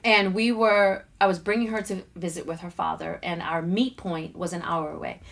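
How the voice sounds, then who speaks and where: A woman's voice: fairly low pitch, fairly even intonation, moderate pace, vocal fry. A middle-aged woman, a motivational speaker and guest, telling a personal story in a conversational interview and acting out the voices she quotes.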